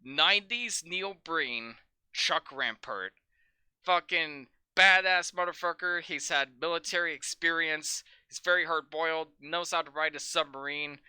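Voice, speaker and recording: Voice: medium pitch, pushed and bright, clear, resonant tone, no room sound. Crude, laughing podcast host. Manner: profane, laughing, mocking recaps with quick voice impressions. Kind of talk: casual film podcast chat.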